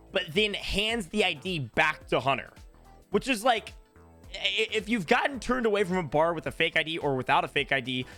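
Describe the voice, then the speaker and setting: A young man from Tennessee casually telling a long story to his channel, acting out what people said. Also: fairly high pitch. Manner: animated, acts out quoted voices. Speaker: YouTuber.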